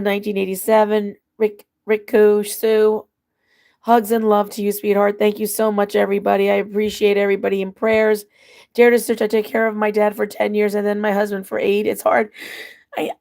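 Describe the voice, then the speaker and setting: A woman's voice: mid-range voice, gravelly, darkish tone. A middle-aged woman hosting a casual livestream, reading viewer comments aloud and answering them while she laughs and cries at once. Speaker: livestream host reading chat. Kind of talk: casual emotional livestream chat.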